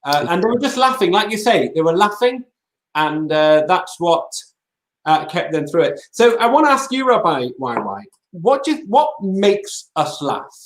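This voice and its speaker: A man's voice: high-pitched, big pitch swings, normal speed. A man hosting an interview, speaking hesitantly with many fillers. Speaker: host. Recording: roomy echo.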